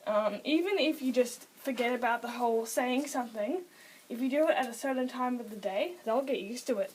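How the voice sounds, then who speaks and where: A teenage girl with a high voice rambles through a casual how-to, stopping to correct herself and adding quick giggly asides. She sounds set back from the microphone, with a faint hiss of background noise underneath. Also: a little mellow, distant mic, poor audio. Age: late teens. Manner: chatty, self-interrupting, giggly asides. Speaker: vlogger explaining pet training.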